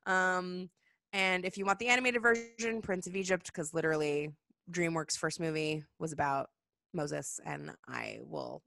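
A woman's voice: lowish voice, normal speed, gravelly, no echo, clean studio sound. A young woman chatting casually and explaining holidays, telling stories with lots of "like", laughing and acting out voices. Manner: animated storytelling, acts out voices, frequent "like" and laughs. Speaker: guest explaining Jewish holidays. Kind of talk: casual chat.

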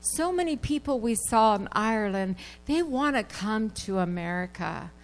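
A woman's voice: mid-range voice, animated, normal speed, rough recording. A woman in a church service giving an earnest, conversational testimony about a trip abroad. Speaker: church member giving a report.

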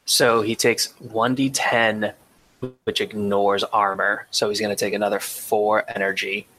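A man lays out tabletop game rules in a plain, matter-of-fact voice, pausing on filler sounds. His voice sits a little low, with a faint hiss behind him. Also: level tone, pushed and bright, rough recording. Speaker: rules helper.

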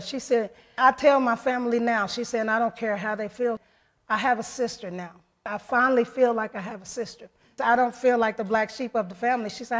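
A woman giving an earnest, heartfelt personal testimony to her church, retelling events through many quoted voices. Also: on the high side. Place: church service.

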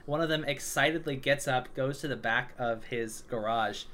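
A man's voice: mid-range voice, fairly quick, few pauses, pushed and bright. Young man telling a rambling story. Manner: rambling storyteller, lots of filler words. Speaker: podcast co-host. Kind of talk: casual chat. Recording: faint background noise.

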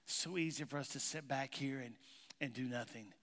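A man speaking as pastor gives a sermon in a church sanctuary, where the hall echoes noticeably. At a moderate pace and in a mid-range, fairly bright voice, he spins a folksy tale and puts questions to the congregation.

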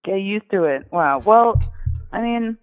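High-voiced young man venting. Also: lively intonation, measured pace, narrow, tinny audio, faint music behind. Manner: venting, rambling, self-deprecating. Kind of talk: casual chat.

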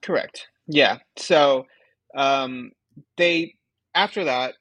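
A man's voice: medium pitch, extremely slow, fairly bright tone, dry recording. A man co-hosting a podcast, loosely recapping a TV episode in chatty talk with frequent ums and likes. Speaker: podcast co-host. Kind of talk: casual episode recap chat.

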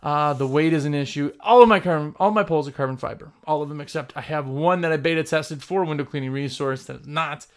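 A man's voice: a little high, quick pace, hardly any pauses. A man hosting a casual video about his trade, talking bluntly and emphatically, often repeating himself. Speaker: window cleaning business owner and video host. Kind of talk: casual vlog talk.

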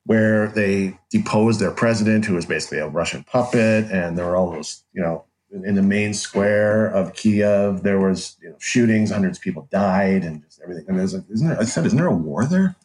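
A man's voice: low voice, moderate pace, hardly any pauses, darkish tone. A middle-aged man telling his story as a podcast guest, rambling and restarting his sentences with short laughs. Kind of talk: casual conversational storytelling.

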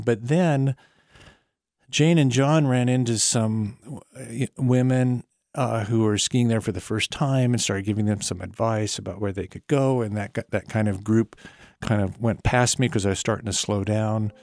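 A man telling a personal story in an unhurried, wry way, with small quiet laughs between lines. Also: on the low side, gravelly, no room sound, studio quality. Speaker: storyteller guest. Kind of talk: personal story told to an interviewer.

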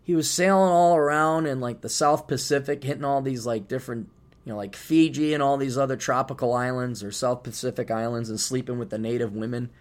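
A man hosting a podcast alone, rambling in a sarcastic, casual monologue with sudden loud bursts, tired and just waking up. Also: medium pitch, steady tone, a little fast. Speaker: podcast host.

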